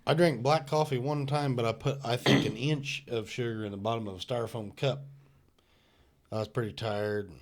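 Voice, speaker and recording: A middle-aged man and podcast co-host, a former truck driver, chatting casually. He talks in a laid-back, halting way and swears often. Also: mid-range voice, steady tone. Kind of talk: casual storytelling chat.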